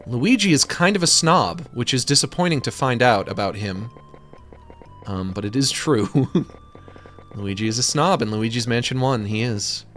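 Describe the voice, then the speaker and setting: A man's voice: medium pitch, lively intonation, normal speed, a bit bright. A man giving casual, rambling commentary while drawing, joking and swearing freely. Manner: rambling, jokey, profane. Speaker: streamer.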